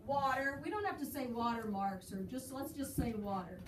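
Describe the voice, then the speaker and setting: A woman teaches a roomful of children, her voice high and encouraging. She is heard from across an echoey classroom. Noise runs under her voice throughout. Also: expressive, moderate pace, recorded from a distance. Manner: encouraging, praising students often. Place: school classroom. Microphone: recorded from across the room.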